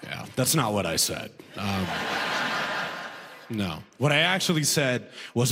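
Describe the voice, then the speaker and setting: Animated stand-up comedian, man. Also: medium pitch, moderate pace. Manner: animated, self-mocking storytelling.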